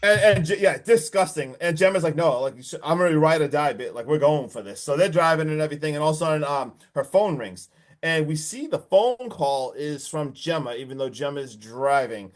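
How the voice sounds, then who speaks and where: A man casually recapping a horror movie on a podcast, animated and full of swearing, acting out the characters' lines. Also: a little high, brisk. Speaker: podcast co-host.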